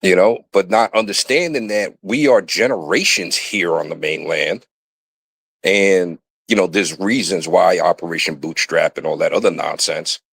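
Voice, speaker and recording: Very deep-voiced man, dry sound. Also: moderate pace, vocal fry, a bit bright, husky, dry recording. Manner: emphatic, leans on filler phrases. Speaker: panel guest. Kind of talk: casual panel chat.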